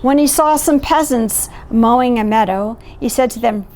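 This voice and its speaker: A woman's voice: on the high side, moderate pace, slight background noise. A middle-aged woman reading a picture book aloud, stopping to point out the pictures and chat about the story. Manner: warm asides, pointing out pictures. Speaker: volunteer storyteller.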